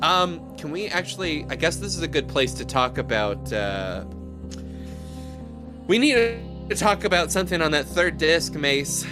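A man's voice: a little high, sing-song, unhurried, music in the background. A man co-hosting a podcast, rambling casually and admitting he knows little. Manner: rambling, self-deprecating, easily amazed. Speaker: podcast co-host. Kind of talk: casual chat while watching a game.

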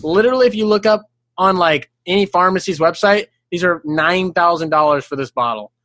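A young man with a high voice tells a story in animated, unfiltered chat. He swears freely and laughs in the middle of sentences. When he quotes people, his voice leaps even higher. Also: brisk, no echo. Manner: acts out voices in quoted lines, jumping up high. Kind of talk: casual chat.

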